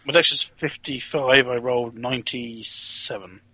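A man's voice: medium pitch, steady tone, moderate pace, sharp tone, slightly rough, dry recording. A man playing a tabletop game, joking wryly while he plays, heard over a call. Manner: wry, joking. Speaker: player. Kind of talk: casual tabletop play.

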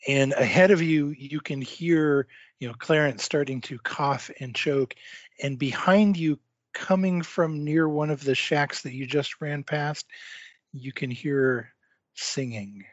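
A man running a tabletop horror game as game master, narrating scenes in a calm, drawn-out way. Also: a little high, dry recording, dull audio. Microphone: online voice call.

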